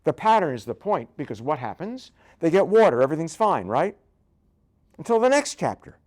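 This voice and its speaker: A man's voice: on the high side, sing-song, brisk, a little mellow. An older man, a rabbi, giving a conversational Bible lecture full of jokes and asides, often checking in with "right?". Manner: joking, keeps asking "right?".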